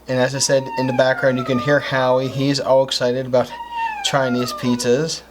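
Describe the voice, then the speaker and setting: A man's voice: medium pitch, little pitch movement, moderate pace, background noise. A man hosting a home baking show, chatting upbeat and explaining each step as he works in a kitchen. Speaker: cooking show host. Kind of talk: casual cooking demonstration.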